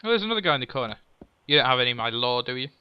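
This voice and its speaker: A man's voice: medium pitch, sing-song, racing, clean tone, no room sound, lo-fi sound. A man chatting casually while playing a game with a friend, reading game text aloud and laughing often. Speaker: gamer. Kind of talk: casual let's play chat.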